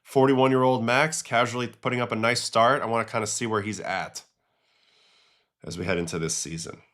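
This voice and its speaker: A man, a former pitcher, hosting a casual livestream, chatting and reacting to baseball clips and chat questions. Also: fairly even intonation, a little fast, a bit bright.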